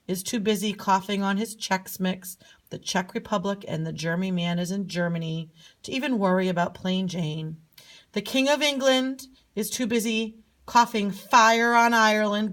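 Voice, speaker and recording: Playful woman telling a map story. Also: medium pitch. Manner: playful, sing-song, lively storyteller. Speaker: teacher. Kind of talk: storytelling geography lesson.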